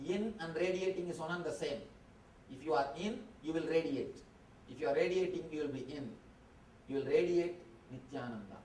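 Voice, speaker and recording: A high-pitched man leads a guided meditation, speaking in slow, short, calm phrases. His voice rings around a roomy hall. The mic sits at a distance, with faint ambience underneath. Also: slight background noise. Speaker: spiritual teacher. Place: convention hall.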